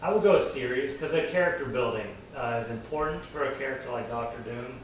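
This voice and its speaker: A man in a casual comic book chat, quick to push back on the others, recorded in an echoey room. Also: mid-range voice, a little hiss or hum. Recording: echoey room, far from the mic.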